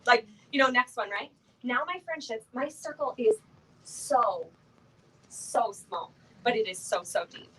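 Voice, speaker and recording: A woman's voice: high-pitched, animated, moderate pace, fairly bright tone, recorded from a distance, a little hiss or hum, rough recording. A middle-aged woman giving a motivational talk to a live audience from a stage, chatty and playful, full of fillers and laughing asides. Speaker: motivational speaker at a sales event.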